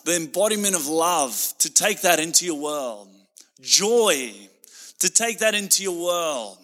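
Male pastor preaching with passion, slightly high, bright, forceful delivery. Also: big-room sound. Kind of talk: sermon.

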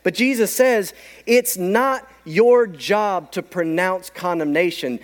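A man preaching a sermon, telling stories with animated delivery and acting out the people in them. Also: high voice, takes it slowly. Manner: animated storytelling, acts out quoted voices. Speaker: pastor.

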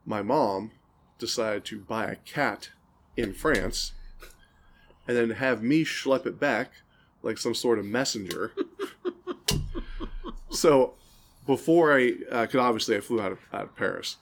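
A man's voice: medium pitch, a little slow, gravelly, pauses often, a little hiss or hum. A man co-hosting a podcast, telling long, rambling stories and laughing at them in casual chat. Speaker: podcast co-host.

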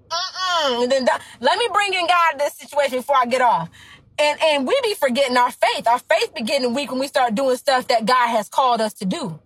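A woman's voice: high voice, expressive, brisk, a bit bright, dry recording, poor audio. A young adult woman, a business coach, giving an emphatic, preachy motivational talk full of slang. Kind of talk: motivational talk to her audience.

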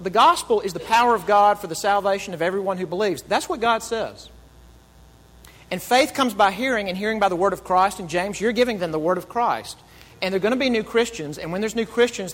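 A man preaching a sermon in an animated way, acting out quoted speakers and dropping to soft, low tones. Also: brisk, big-room sound, low-quality recording. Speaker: pastor.

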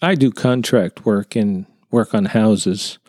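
A man's voice: fairly low pitch, slow, darkish tone, no echo, studio quality. A man voicing an earnest young contractor who tells his story hesitantly in a storybook reading. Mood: polite. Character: earnest younger male contractor, unsettled by a sighting.

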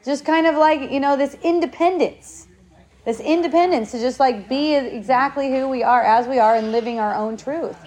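A woman speaks in a fairly high, bright voice. She gives spiritual advice in an earnest, preachy way, loose and casual, with a curse word here and there. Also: moderate pace. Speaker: spiritual talk host.

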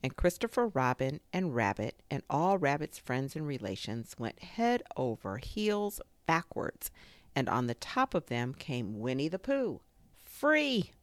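A woman storyteller reading a children's tale with a low voice that swings widely in pitch. She takes her time, and the recording is close and dry. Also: dry recording. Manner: expressive, unhurried storytelling.

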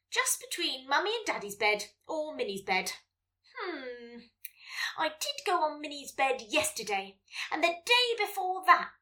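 A playful two-year-old family dog chatters through its day like a diary entry, voiced by a woman, breaking into excited barks. The voice is high, bright and bouncing all over the place. It sounds a little far from the mic. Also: exaggerated voice.

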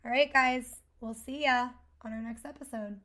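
A woman's voice: fairly high pitch, steady tone, normal speed, pushed and bright. A woman co-hosting a casual podcast with her husband, friendly and upbeat, laughing easily. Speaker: podcast co-host. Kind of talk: casual chat.

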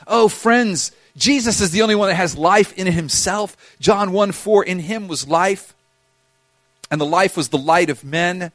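High-voiced impassioned male preacher. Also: unhurried, no room sound. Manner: impassioned, swings between loud urging and hushed intensity. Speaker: pastor. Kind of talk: sermon.

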